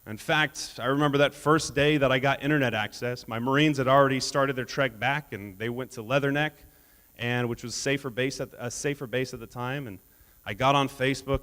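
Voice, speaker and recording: Guy doing a keynote on a conference stage, jokey storyteller, mid pitch, big hall echo. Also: a bit bright. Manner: humorous storytelling, laughs at his own jokes. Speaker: keynote speaker. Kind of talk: motivational keynote speech. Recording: long reverb of a large hall.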